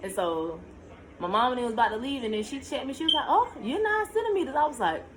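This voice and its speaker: A woman's voice: quick pace, noisy background. Young woman telling a storytime. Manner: animated, pitch jumps high when reliving tense moments; talks to viewers directly, shushing her child between lines. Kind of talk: casual storytime to camera.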